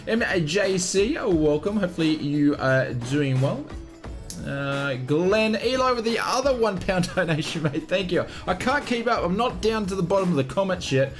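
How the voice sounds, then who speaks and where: Lively Australian man greeting stream chat. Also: high-pitched. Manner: chatty, greets viewers by name. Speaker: flight sim streamer. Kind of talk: casual live-stream chat.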